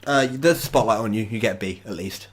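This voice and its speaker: A man narrating a tabletop role-playing game as game master, talking casually with pauses. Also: fairly low pitch, a crowd in the background. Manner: casual, halting with fillers.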